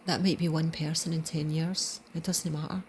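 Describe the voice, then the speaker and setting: A woman with a Scottish accent giving an earnest spiritual reflection, dropping into soft whispers for emphasis. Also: deep voice, flat delivery, moderate pace, a little hiss or hum. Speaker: channel host.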